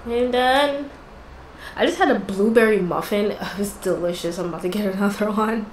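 A woman's voice: mid-range voice, normal speed, echoey room, slight background noise, poor audio. A woman hosting a gaming channel, chatting casually and exclaiming in frustration as she plays. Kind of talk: casual gameplay commentary.

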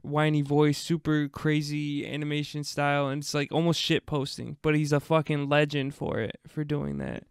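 A young man chatting casually as a podcast co-host, animated and swearing freely. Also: a little high, normal speed, vocal fry, hardly any pauses, clear, resonant tone, no room sound, clean studio sound. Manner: animated, swears and laughs a lot. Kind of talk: casual chat.

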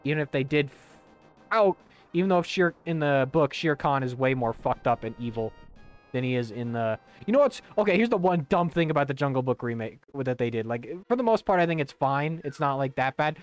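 A man's voice: fairly high pitch, lively intonation, fairly quick. Rambling young man streaming a game. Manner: rambling, profane, full of fillers and restarts. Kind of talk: casual commentary while gaming. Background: faint game music.

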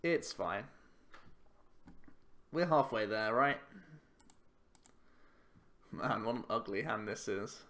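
A man's voice: on the low side, lively intonation, takes it slowly, pauses often, fairly bright tone. A man giving casual commentary while playing a card game, thinking aloud in a chatty, self-mocking way. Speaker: YouTube card game player.

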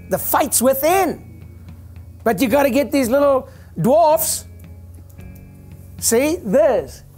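Older man, chiropractor talk, rambling and joking, preacher-like, very lively intonation. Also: very high voice. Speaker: chiropractor giving a clinic talk. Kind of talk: informal lecture to an audience.

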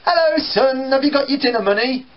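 A man voicing a tired middle-aged mother back from her night shift, briskly greeting her son. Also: very high-pitched, dull audio, pitched above the performer's own voice.

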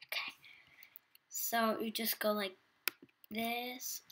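A woman's voice: a little high, little pitch movement, slow pace, a bit bright, slight background noise. A teenage girl with an English accent chatting casually while playing a video game, self-deprecating and talkative. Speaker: gaming YouTuber. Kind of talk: casual gameplay commentary.

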